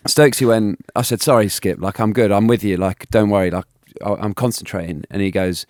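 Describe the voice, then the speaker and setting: A man in his thirties telling animated stories as an interview guest, laughing and restarting often. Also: fairly low pitch, fast talker, hardly any pauses. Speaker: guest, former cricketer. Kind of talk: casual storytelling interview.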